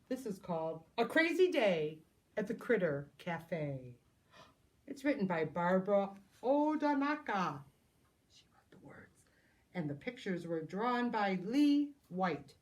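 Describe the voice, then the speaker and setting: A woman preschool teacher reading a picture book aloud to children, animated and exclaiming in a sing-song way. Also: medium pitch.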